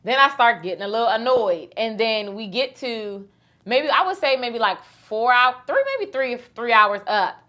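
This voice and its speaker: A woman in her thirties hosting a casual chat, telling a story in an animated, teasing way. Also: fairly high pitch, moderate pace. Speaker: host.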